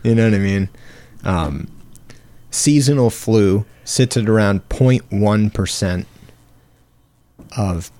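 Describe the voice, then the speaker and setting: A man co-hosting a casual chat, reading out statistics in a relaxed, hesitant way. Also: on the low side, slow pace, pauses often.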